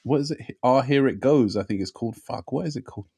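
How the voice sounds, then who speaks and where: A man's voice: medium pitch, quick pace, creaky, dark tone, husky. A man hosting a podcast in casual chat, rambling and laid-back, swearing freely. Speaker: podcast host.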